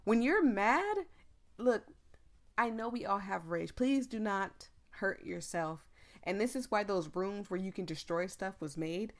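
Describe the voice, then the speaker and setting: A woman reading a story game aloud and chatting through her reactions in an expressive, talkative way. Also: medium pitch. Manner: expressive, chatty, with quick asides. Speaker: game streamer.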